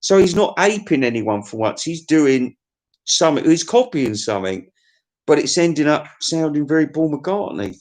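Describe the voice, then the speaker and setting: A man's voice: fairly high pitch, big pitch swings, moderate pace, darkish tone. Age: adult. Sex: man. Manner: rambling, crude, swearing, chatty. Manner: crude, swears freely, chuckles often. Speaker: album reviewer. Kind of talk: rambling comic monologue.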